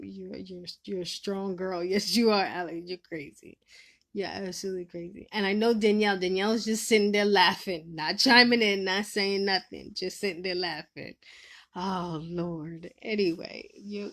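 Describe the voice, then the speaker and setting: A woman hosting a casual live stream, giving advice and teasing viewers in the chat, laughing often and swinging between loud and soft. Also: mid-range voice.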